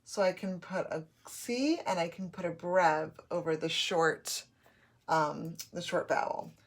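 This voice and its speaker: A woman teacher giving a slow, patient phonics lesson to young children, spelling out letters as she goes. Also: lowish voice.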